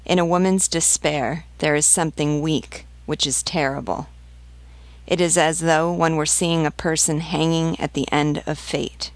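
Woman reading a classic novel out loud, gravelly low voice, dry close sound. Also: no echo. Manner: measured, expressive reading. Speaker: audiobook reader and guide. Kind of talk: literary audiobook reading.

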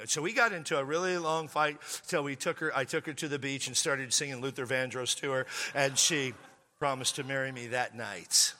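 A man preaching a humorous sermon, telling a story with exaggerated jokes and sudden shouts. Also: mid-range voice, steady tone, normal speed, in a large hall. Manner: joking, exaggerated, bursts into shouts. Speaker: pastor.

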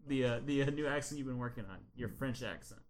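A man's voice: mid-range voice, fast. A man co-hosting a casual podcast, stammering and repeating words as he coaxes a friend. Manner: stammering, coaxing, repeats himself. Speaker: podcast co-host. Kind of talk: casual banter.

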